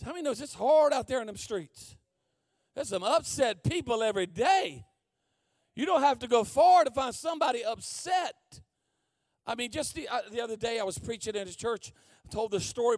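A male preacher delivers a storytelling sermon in a high, lively voice that leaps across its range. He drops to hushed asides and then climbs to full shouts. The sound is dry and close. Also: no room sound. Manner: animated, comic, swings from hushed asides to shouting. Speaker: guest preacher.

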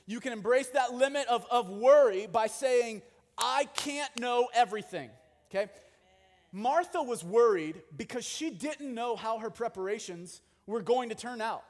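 Young male pastor, very high voice, chatty jokey sermon, long hall reverb. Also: measured pace. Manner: conversational, animated, jokey asides.

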